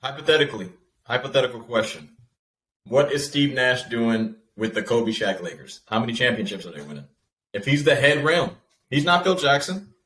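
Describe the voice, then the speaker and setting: A man's voice: medium pitch, expressive, normal speed, bright, forceful tone. A man co-hosting a sports podcast and speaking bluntly in a slangy, dismissive way. His voice rings in an echoey room, with a faint hiss underneath. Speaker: podcast co-host. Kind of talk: casual sports debate.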